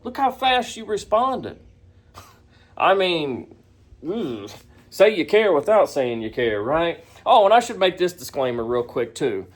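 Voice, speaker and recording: A man's voice: a little high, sing-song, unhurried. A man hosting a reaction commentary vlog, talking in a sarcastic, mocking way and often laughing. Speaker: commentary vlogger.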